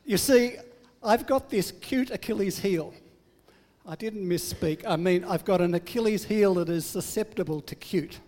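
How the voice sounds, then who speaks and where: A man's voice: high-pitched, normal speed, a little mellow, in a large hall. Older man preaching with humor. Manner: humorous, self-deprecating storytelling. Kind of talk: sermon.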